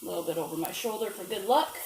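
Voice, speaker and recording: Woman, home cook vlogger, chatty and self-deprecating; roomy kitchen sound, pan sizzling loudly under her voice. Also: medium pitch, rapid-fire. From not from the American South. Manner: chatty, self-deprecating, talks while cooking. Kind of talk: casual cooking vlog. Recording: echoey kitchen with frying noise.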